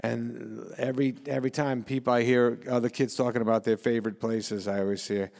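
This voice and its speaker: A middle-aged man talking casually as an interview guest, laid-back, laughing often, repeating words and slipping into quick impressions. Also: mid-range voice, level tone, vocal fry, darkish tone, long reverb tail. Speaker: actor and comedian guest.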